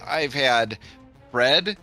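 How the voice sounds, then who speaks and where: A man's voice: medium pitch, expressive, extremely slow, sharp tone, faint music behind. A man playing a tabletop horror game, chatty and joking with the group. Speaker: player. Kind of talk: casual table talk.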